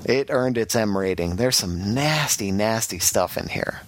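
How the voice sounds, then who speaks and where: Man, podcast host, casual review chat, rambling with fillers, deep-ish voice, dry recording. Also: animated, a little slow, dry recording. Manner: rambling, frank, many fillers and restarts.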